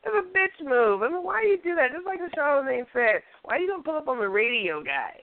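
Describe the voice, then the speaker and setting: A woman's voice: high voice, very animated, fast, no room sound. A woman co-host in casual panel talk, blunt and full of profanity. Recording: phone-like lo-fi audio.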